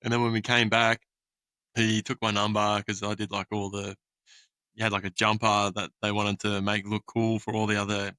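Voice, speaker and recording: Sweary Australian man, bright animated storyteller. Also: on the low side, normal speed, clean tone, no room sound. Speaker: podcast host. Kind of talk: casual chat.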